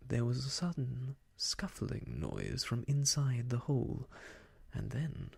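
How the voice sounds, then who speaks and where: A storyteller reading an old children's book aloud in whispered role-play, slow and soft. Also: mid-range voice, wildly swooping pitch, vocal fry, husky.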